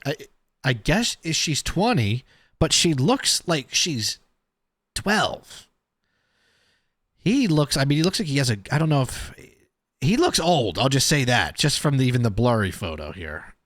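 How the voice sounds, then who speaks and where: A man's voice: medium pitch, sing-song, measured pace, fairly bright tone, dry recording, studio quality. Chatty man reacting to a video. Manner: chatty and thinking aloud, often trailing off. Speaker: reaction streamer. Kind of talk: casual video reaction commentary.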